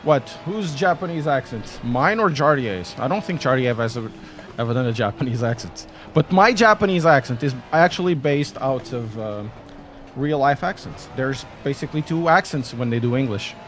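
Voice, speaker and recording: A man's voice: medium pitch, lively intonation, normal speed, a bit bright, faint music behind. A man, chatting casually and rambling jokily on a sim racing live stream. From Portugal. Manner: rambling, self-deprecating and jokey.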